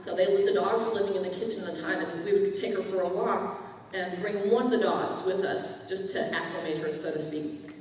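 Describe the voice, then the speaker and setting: A woman's voice: mid-range voice, fairly quick, slight background noise. A woman telling a personal testimony to a church audience, chatting in a storytelling way and acting out the lines people said. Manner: chatty storytelling, acts out quoted dialogue. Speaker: church speaker. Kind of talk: testimony to a congregation. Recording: echoey hall, distant mic.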